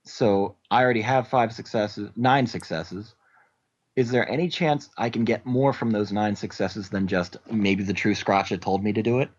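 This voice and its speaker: A man's voice: fairly low pitch, moderate pace, muffled recording. A man playing a tabletop role-playing game, chatting casually and swearing. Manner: casual, swears, laughs at own accent slips. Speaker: player. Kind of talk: tabletop role-play chat.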